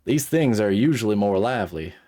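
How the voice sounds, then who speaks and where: A man voicing a bored, gossipy Southern American gentleman at a formal party, with a put-on Southern drawl. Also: fairly low pitch, expressive, fairly quick. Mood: confiding. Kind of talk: reading game dialogue aloud in a voice.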